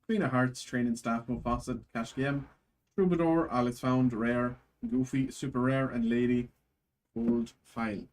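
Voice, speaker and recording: Man, live stream card break host, reads card names in lists, mid-pitched voice, chats with viewers. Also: fairly even intonation, a little slow, a little mellow. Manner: chatty with chat viewers, thanks buyers. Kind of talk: live stream pack opening.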